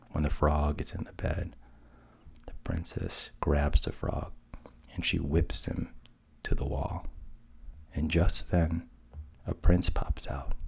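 A man narrating a fairy tale softly, at times dropping to a whisper. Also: a bass voice, vocal fry, slightly rough. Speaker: storyteller.

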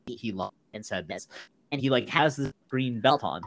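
This podcast co-host has a medium-pitched, fairly bright voice with lively intonation and a moderate pace. He casually walks through a film's plot, shouting out the characters' lines, with no room sound in the recording.

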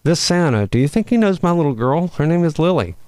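A man's voice: fairly high pitch, sing-song, fast, darkish tone, voice pushed up. A man voicing a young, lost and timid male deer in a storybook read-aloud, speaking meekly and plaintively. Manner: meek, plaintive.

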